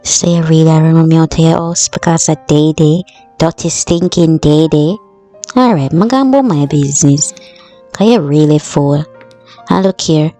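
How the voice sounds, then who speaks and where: A woman's voice: low-pitched, dark tone, close to an everyday voice. A young woman with a Jamaican accent voicing a blunt, scornful sister in a cartoon, with a harsh, dismissive way of talking. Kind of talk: cartoon voice acting.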